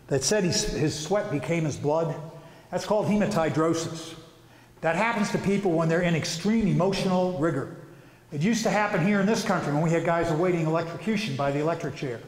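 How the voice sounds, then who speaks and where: A man presenting an informal religious talk, telling the story vividly and casually with slang. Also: a little high. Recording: echoey hall reverb.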